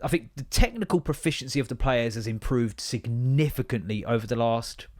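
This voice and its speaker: A man's voice: medium pitch, expressive, fairly quick, darkish tone. A man with an English accent hosting a casual podcast monologue, rambling, sweary and self-deprecating. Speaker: podcast host.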